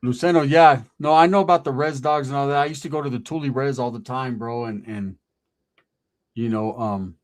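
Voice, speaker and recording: A man's voice: medium pitch, fairly quick. A man hosting a live stream in casual chat, laid-back, greeting chat and hyping viewers. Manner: laid-back, reads chat names aloud, hypes viewers.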